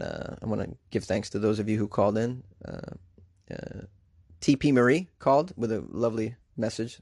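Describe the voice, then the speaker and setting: A male podcast host talking in a loose, rambling way, full of fillers and shout-outs to listeners. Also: mid-range voice, vocal fry, no echo, studio quality. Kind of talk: casual podcast chat.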